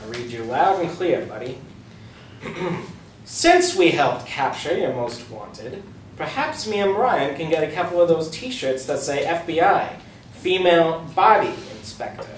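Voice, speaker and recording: A dim, boastful cartoon dad read by a man blurts out lines in a loud, goofy way. His voice is raised and bouncy, heard from a distance in an echoey room. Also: on the high side, expressive, measured pace. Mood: pompous. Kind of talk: script table read. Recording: roomy room, distant mic, faint hiss.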